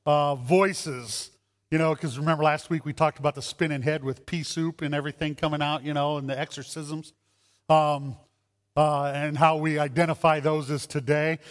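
A man preaching a sermon as a pastor, animated, acting out voices in his stories. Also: a little high, moderate pace. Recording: long hall reverb.

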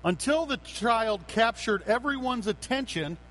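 High-voiced man preaching a sermon. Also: animated, a bit bright, poor audio. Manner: earnest and unhurried, with frequent fillers and restarts. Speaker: pastor.

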